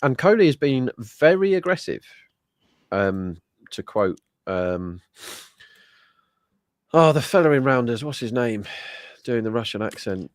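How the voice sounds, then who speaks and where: A man's voice: medium pitch, sing-song, unhurried, pauses often, no echo, clean studio sound. A man co-hosting a live sports watch-along, chatting through betting lines and the match action. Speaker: co-host and betting tipster.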